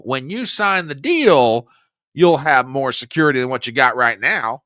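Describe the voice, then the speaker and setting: A man's voice: a little high, lively intonation, moderate pace, sharp tone, no echo, studio quality. A male political commentary host delivering combative, sarcastic news commentary, saying he gets worked up.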